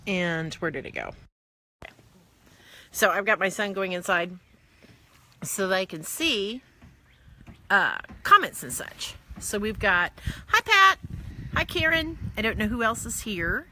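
A woman's voice: mid-range voice, expressive, a little slow, long pauses, pushed and bright. A woman author hosting a casual live-stream chat from her home, chatty and greeting viewers by name. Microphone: phone or laptop streaming live.

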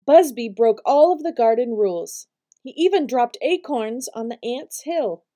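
Woman reading a picture book, mellow. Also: fairly high pitch, a little slow. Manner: warm, expressive storytelling. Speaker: storytime reader.

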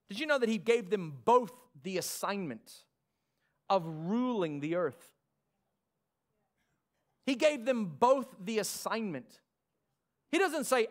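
A male pastor with an Australian accent preaching a sermon, lively with sarcastic asides. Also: very high voice.

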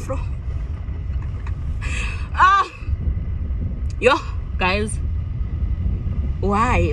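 Flustered young woman vlogging while driving. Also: on the high side. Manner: flustered, exclaiming and laughing at herself. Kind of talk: casual vlog chat while driving. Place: inside a car on rural roads. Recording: car and road noise. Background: car and road noise.

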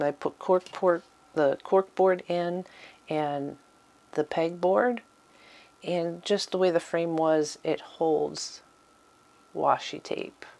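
A middle-aged woman giving a relaxed, chatty tour of her small home craft room. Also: low voice, gravelly. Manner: chatty, with fillers and little laughs. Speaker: vlogger giving a studio tour. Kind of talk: casual tour talk.

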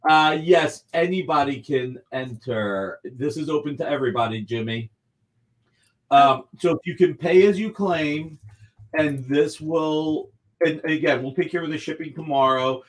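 A man running a live comic book auction over a video call, pitching books with enthusiasm and urging bidders on. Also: unhurried. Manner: enthusiastic, pushes bidders along. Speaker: guest auctioneer.

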